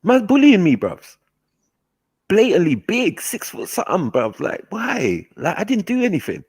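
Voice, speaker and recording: A man telling stories in a casual chat, animated and slangy, laughing often. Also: high-pitched, measured pace, slightly rough, no room sound. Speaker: host.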